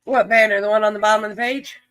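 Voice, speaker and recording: Guy running a live stream card game, high bright voice, folksy and chatty. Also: fairly even intonation, quick pace, dry recording. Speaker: livestream game host. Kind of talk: casual livestream chat, reading viewers' names.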